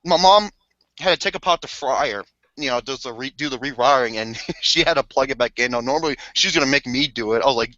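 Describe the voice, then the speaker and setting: A man co-hosting a casual podcast who is excitable and swears freely. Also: mid-range voice, quick pace, dry recording. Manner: excitable, swears, acts out quotes. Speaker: podcast co-host. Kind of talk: casual chat. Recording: dull lo-fi dry sound.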